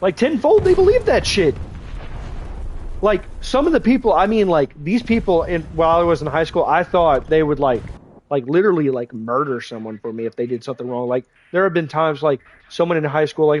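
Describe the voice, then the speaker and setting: A man's voice: fairly high pitch, fast. A man in his twenties, stuffed up from draining sinuses, rambling frankly in casual livestream chat with lots of restarts. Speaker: streamer. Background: faint game vehicle noise.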